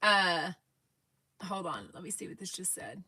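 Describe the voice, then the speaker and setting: A woman's voice: fairly low pitch, lively intonation, unhurried, pushed and bright, slightly rough. A woman with a Texan accent hosting a casual fan livestream, rambling and reading viewers' comments aloud. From Texas. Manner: chatty, rambling, reads live comments aloud. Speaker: fan podcast host.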